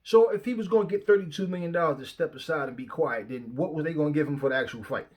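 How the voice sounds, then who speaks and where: A young man hosting his channel delivers a heated rant to camera, recorded on a phone facing him. His voice is on the high side and fast. He's fiery, confrontational and profane, and he repeats himself.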